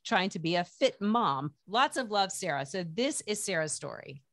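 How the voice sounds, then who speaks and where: A woman co-hosting a podcast, chatting casually and reading out listener emails in a warm, conversational way. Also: medium pitch, very animated, moderate pace. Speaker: podcast co-host.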